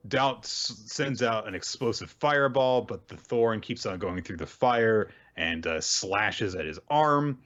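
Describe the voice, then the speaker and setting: A man's voice: on the low side, animated, a little slow, few pauses, fairly bright tone, highs cut off. A man hosting a podcast, casually recapping manga chapters in a rambling, wry way with lots of fillers. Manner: rambling summary full of "uh" and "like," wry asides. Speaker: podcast host.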